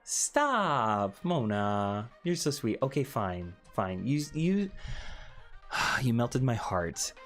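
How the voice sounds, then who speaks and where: A young man hosting a casual live stream, chatting with viewers and answering their comments, often jumping into high excited squeals. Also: drawn-out words, soft background music. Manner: animated, jumps into high excited squeals and laughs.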